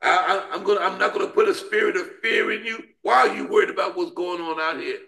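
A man's voice: high voice, steady tone, quick pace, creaky, sharp tone. A man leading a Bible study discussion, preaching with an emphatic, repetitive call-and-response cadence. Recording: roomy echo.

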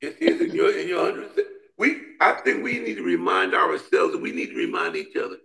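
A man's voice: lowish voice, wildly swooping pitch, quick pace, vocal fry, sharp tone. Emphatic man leading a Bible study. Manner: call-and-response, repetitive, emphatic preaching cadence. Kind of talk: preaching Bible study discussion. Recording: roomy echo.

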